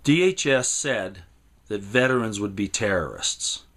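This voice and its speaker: A man's voice: lively intonation, unhurried. Emphatic man delivering a rambling warning. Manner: emphatic, rambling, repeats words, swings between loud and low. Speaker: commentator. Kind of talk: impassioned monologue.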